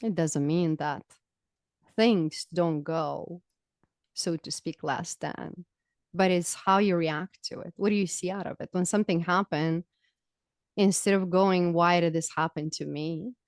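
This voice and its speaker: Woman on a podcast, expressive and emphatic, lowish voice, really dry close sound. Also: measured pace, no room sound. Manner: expressive, emphatic, laughs easily. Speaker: podcast guest, spiritual teacher. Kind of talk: casual podcast conversation.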